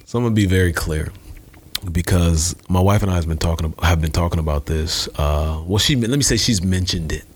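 Male guest, low voice, lively storyteller. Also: fairly quick, a little hiss or hum. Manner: animated storyteller who acts out voices. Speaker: guest, author and speaker. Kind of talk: podcast conversation.

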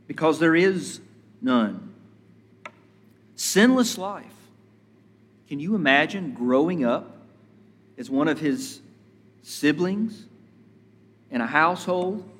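A man preaching a sermon as a pastor, measured and deliberate, building emphasis through repetition. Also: a little high, fairly bright tone, big-room sound.

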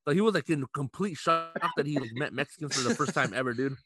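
A man's voice: medium pitch, expressive, fast, over music. A young man from Los Angeles hosting a podcast, chatting loosely, laughing and swearing freely. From Los Angeles, USA. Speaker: podcast host. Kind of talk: casual chat.

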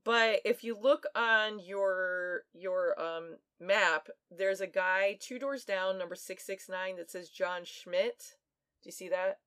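A woman's voice: medium pitch, slow pace, a bit bright, clear, resonant tone, dry recording. A woman co-hosting a podcast, casually retelling a true-crime story with plenty of fillers and laughs. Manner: chatty, laughs often, many fillers. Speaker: podcast co-host.

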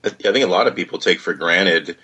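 A man hosting a podcast, chatting casually with quick asides to his guest. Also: deep voice, bright, forceful tone, husky, lo-fi sound. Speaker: podcast host. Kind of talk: casual chat.

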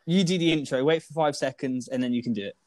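A man's voice: medium pitch, fast talker, a little mellow, no echo. A young man hosting a casual podcast chat, laughing and teasing his co-hosts. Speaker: podcast host.

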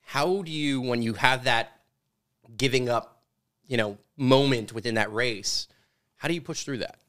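A man's voice: medium pitch, a little slow, fairly bright tone. A man hosting a casual interview while eating hot wings, chatty and rambling with many fillers. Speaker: podcast host.

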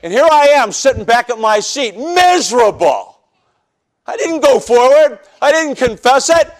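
High-voiced man preaching a testimony. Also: a little slow. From northern United States. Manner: animated storytelling, acts out scenes, jokes with the congregation. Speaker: pastor. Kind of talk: preaching a personal testimony sermon.

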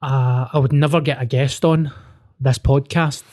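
A man's voice: mid-range voice, steady tone, unhurried, darkish tone. A man with a Glaswegian Scottish accent hosting a podcast, blunt and jokey, swearing freely in casual chat. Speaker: podcast host.

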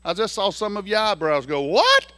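A man preaching a sermon in a very high, bright voice. He tells a folksy story, dropping to a hush and then rising to shouts. The sound is dry and close. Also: a little fast, dry recording. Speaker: pastor.

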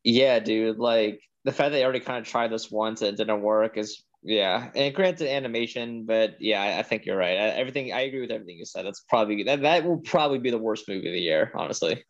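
A man's voice: lowish voice, fast, hardly any pauses. A man co-hosting a casual movie podcast, rambling and laid-back with some swearing. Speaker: podcast co-host. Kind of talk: casual chat. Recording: slightly dull lo-fi sound.

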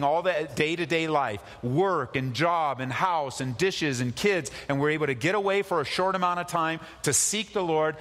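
Male pastor, preaching style, lightly raised pitch, lingering hall echo. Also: a bit bright. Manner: preaching with repeated phrases and sudden emphasis. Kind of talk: sermon.

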